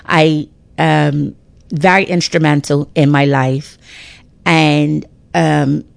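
This deep-voiced middle-aged woman delivers faith-filled encouragement on a talk radio program, forceful and preachy, with frequent restarts. Her tone is steady and gravelly, she takes her time, and the close, dry audio has no echo.

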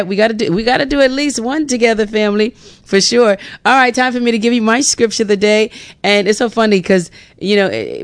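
A young woman hosting a gospel radio show in a studio, talking casually about scripture. She is lively and laughs easily, acting out her talks with God. Her voice is smooth and clear, recorded dry and close on a studio mic. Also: medium pitch, dry recording. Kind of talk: casual on-air chat with scripture reading. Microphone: studio microphone.

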